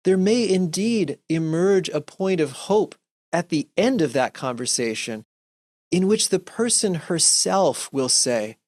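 A man giving a gentle, earnest talk to a Christian audience, often restarting his sentences and acting out short examples. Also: sits high, animated, a little slow, no echo, clean studio sound. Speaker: speaker giving a Lenten talk.

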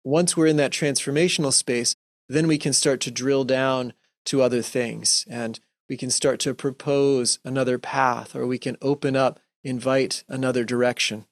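A man giving a gentle, earnest talk to a Christian audience, often restarting his sentences and acting out short examples. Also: mid-range voice, steady tone, normal speed, dry recording, studio quality. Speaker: speaker giving a Lenten talk.

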